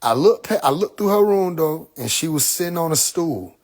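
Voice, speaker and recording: A young male streamer with a fairly high pitch and moderate pace tells a funny childhood story in a casual monologue. He's animated, laughing often and swearing freely.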